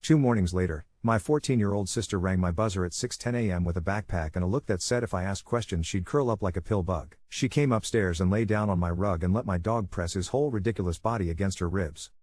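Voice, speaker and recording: Man, story narration, steady measured reading, slightly low voice, dry close sound. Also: no room sound. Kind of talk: scripted first-person story narration.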